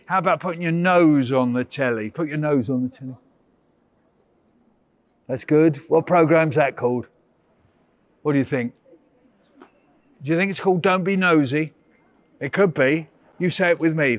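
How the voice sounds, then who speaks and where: A man's voice: on the high side, normal speed, long pauses. An older English man leading a school workshop for small children, playful and coaxing, counting them into call-and-response chants. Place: indoor school room with children.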